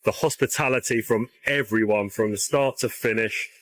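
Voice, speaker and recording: A man's voice: fairly low pitch, normal speed, fairly bright tone. Sincere man thanking viewers. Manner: sincere and grateful. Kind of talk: farewell travel vlog.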